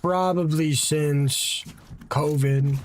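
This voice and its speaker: A man's voice: on the high side, fairly even intonation, very slow, background noise. Casual young male game streamer. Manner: casual, swears, chats with viewers. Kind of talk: live gameplay commentary.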